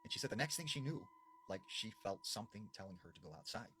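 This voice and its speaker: A man retelling eerie stories, shifting between animated bursts and hushed, dramatic dips. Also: on the low side, quick pace, slight background noise. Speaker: storyteller.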